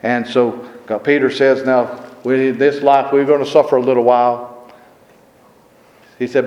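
A man preaching a sermon. He rises and gets louder on scripture and repeats verse references as he goes. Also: medium pitch, flat delivery, normal speed, long pauses, muffled recording. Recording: roomy hall echo.

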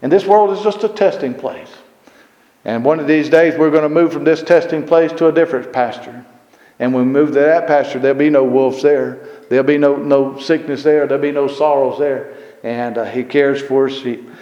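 A man preaching a sermon. He rises and gets louder on scripture and repeats verse references as he goes. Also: medium pitch, fairly even intonation, normal speed, lo-fi sound. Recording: roomy hall echo.

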